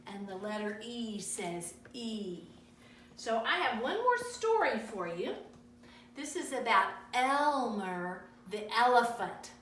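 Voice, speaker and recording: A woman teacher reading stories aloud to young children in a sing-song, animated way. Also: fairly high pitch, slow pace. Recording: echoey room, from far off, faint noise.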